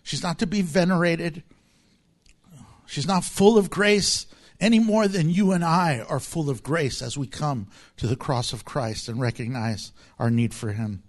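Animated high-voiced male preacher. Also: a little slow. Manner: animated preaching with acted-out quotes and laughter. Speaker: pastor. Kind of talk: sermon.

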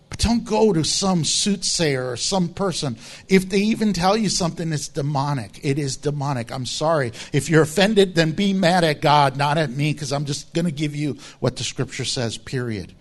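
High-voiced man preaching slowly. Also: expressive. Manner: blunt, emphatic, drops to low asides. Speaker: pastor. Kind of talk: conversational sermon.

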